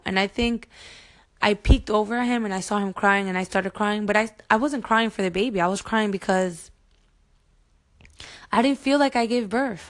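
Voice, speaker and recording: Woman vlogger, 30s, heartfelt and earnest, middle-pitched voice, speaking straight to her audience. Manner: addresses viewers directly. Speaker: mom vlogger. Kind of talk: personal storytelling to camera.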